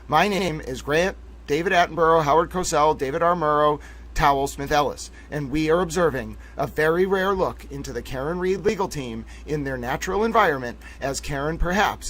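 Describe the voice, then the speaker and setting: Guy streaming live, kinda high voice, goofy over-the-top commentary like a fake nature doc, keeps saying ladies and gentlemen. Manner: playful, theatrical, mock nature-documentary narration; repeats "ladies and gentlemen" often. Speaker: livestream host.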